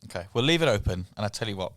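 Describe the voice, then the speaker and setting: A man hosting a podcast in casual chat, his voice low and lively with plenty of swing in pitch. He teases the guest with a wry, presenter-like manner. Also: racing, dry recording, studio quality. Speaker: podcast host.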